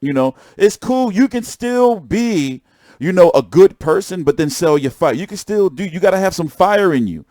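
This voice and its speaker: A young man chatting casually on a stream about boxing, excitable and profane, often repeating himself. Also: sits high, moderate pace, dry recording, clean studio sound. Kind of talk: casual live-stream chat.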